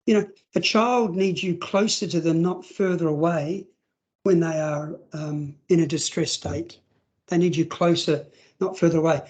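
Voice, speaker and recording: High-voiced man giving a webinar. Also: fairly even intonation, moderate pace, darkish tone. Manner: conversational, acts out scenarios, frequent fillers. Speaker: trainer for foster carers. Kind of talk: webinar presentation. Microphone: video call.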